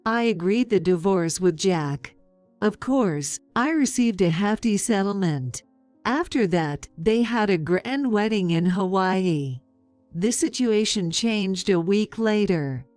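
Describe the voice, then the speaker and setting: Woman in her 50s reading a story, slow and calm, smooth clear voice, dry sound. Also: mid-range voice, no room sound, faint music behind. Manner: calm, measured, sarcastic. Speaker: narrator. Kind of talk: scripted story narration.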